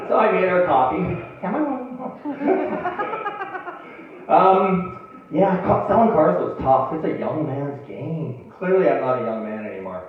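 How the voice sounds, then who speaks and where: A middle-aged man doing a stand-up comedy set on a small theatre stage, telling stories with sudden loud outbursts. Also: sits high, slow, long pauses. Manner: animated storytelling with loud outbursts. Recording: far-off phone-like audio in echoey room. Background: audience laughter.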